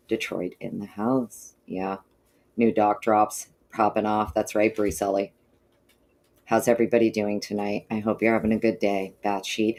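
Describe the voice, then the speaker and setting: A woman hosts a casual livestream and works through her chat, greeting viewers by name and calling them honey and darling. She sounds low on energy and clears her throat often. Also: dark tone. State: low energy, not feeling peppy. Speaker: livestream host.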